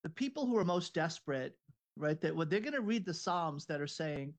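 A man's voice: on the high side, lively intonation, brisk. A man co-hosting a casual conversation, talking in an earnest, searching way and often restarting his sentences.

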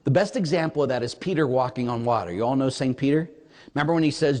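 A man who is a priest, preaching a sermon in a conversational, animated way, often checking in with his audience. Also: mid-range voice, fast talker. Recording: long hall reverb.

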